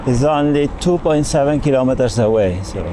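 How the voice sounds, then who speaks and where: A man's voice: mid-range voice, expressive, brisk, background noise. A man with an Italian accent vlogging outdoors while touring, complaining and swearing to the camera in a casual way. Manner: grumbling, swearing, talking to camera. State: hot and tired. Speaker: cycling vlogger. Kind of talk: casual travel vlog. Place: outdoors at ruins.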